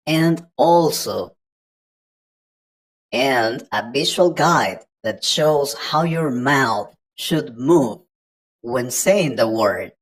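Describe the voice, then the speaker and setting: Very deep-voiced, unhurried woman teacher. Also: expressive, poor audio. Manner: patient, explains step by step to the learner. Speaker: English teacher. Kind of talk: online pronunciation lesson.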